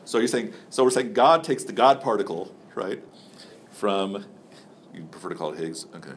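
A man's voice: on the low side, animated, moderate pace, slight background noise. A man teaching a religious text class in a loose, joking, conversational way, asking his students questions.

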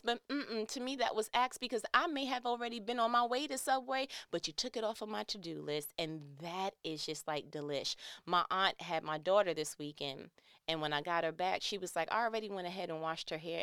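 A young adult woman in casual chat, animated and teary as she tells personal stories and acts out quoted lines. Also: medium pitch, fairly quick, clear, resonant tone, no room sound, clean studio sound. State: tearing up.

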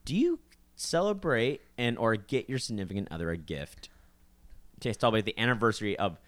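A man's voice: fairly low pitch, sing-song, brisk. A young man co-hosting a podcast, chatting casually, rambling with restarts and casual swearing. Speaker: podcast co-host. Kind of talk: casual chat.

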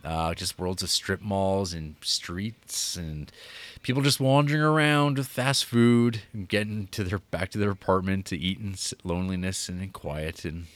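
A man with a lowish voice talks casually on a podcast. He rambles, restarts sentences and leans on fillers. The recording is dry and close. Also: moderate pace, no echo. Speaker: podcast co-host. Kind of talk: casual chat.

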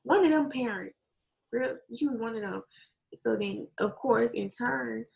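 A woman in casual chat, retelling a story with lively acted-out quotes, swearing and laughing often. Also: fairly high pitch, measured pace, vocal fry, poor audio. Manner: animated storytelling, acts out quotes.

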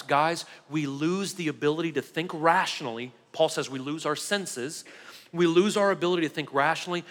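A man's voice: a little high, fairly bright tone, long reverb tail. A male pastor delivering an emphatic sermon, repeating key phrases and calling the congregation "guys". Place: church sanctuary.

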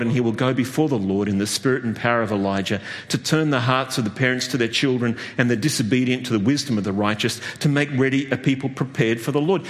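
A man preaching a sermon, animated, jumping to high exclamations and laughing at his own jokes. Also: long reverb tail. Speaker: pastor.

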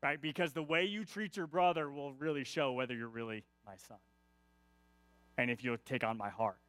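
A pastor with a mid-range, smooth, slightly bright voice preaches at a moderate pace and a steady tone, recorded dry. His sermon is conversational, full of "right?" tag questions aimed at his listeners and repeated key lines for emphasis.

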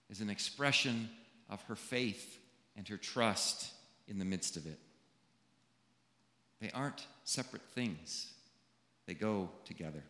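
A male pastor preaching a funeral sermon, unhurried and measured, leaving long pauses between phrases. His voice is bright and forward. It rings out through an echoey church hall with a long reverb tail. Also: lowish voice. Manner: slow, deliberate delivery with long pauses.

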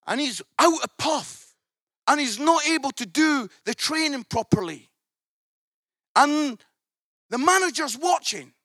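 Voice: high voice, bright, forceful tone, no echo, studio quality. A preacher telling a story in a sermon, swelling into emphatic outbursts.

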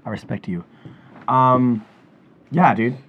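A young man co-hosting a podcast in casual chat, jokey and loud. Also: medium pitch, takes it slowly, dull audio. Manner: jokey, loud, talks over others. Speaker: podcast co-host.

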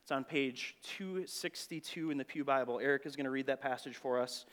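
A pastor preaching a conversational, earnest sermon in church, asking rhetorical questions. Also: male voice, medium pitch, a little fast.

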